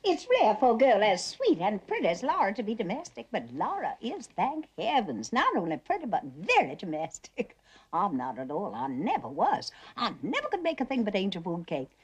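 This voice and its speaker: A woman's voice: mid-range voice, huge pitch swings, normal speed, slightly rough. An older actress with a Southern American accent playing a chattering, genteel aging Southern mother who laughs often. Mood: gushing. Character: fluttery aging Southern belle mother, talkative. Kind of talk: television drama acting.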